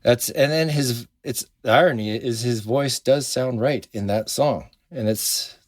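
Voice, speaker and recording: A man's voice: mid-range voice, measured pace, dry recording, clean studio sound. A man co-hosting a podcast, rambling and hesitant with lots of fillers. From Canada. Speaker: podcast co-host. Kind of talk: casual chat.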